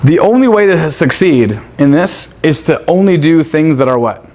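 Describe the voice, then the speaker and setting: A man's voice: a little high, animated, normal speed, a little mellow. Brash swearing man teaching a seminar. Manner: brash, swearing, rhetorical questions to the room. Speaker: seminar instructor. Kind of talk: profane live seminar talk. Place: seminar room with audience.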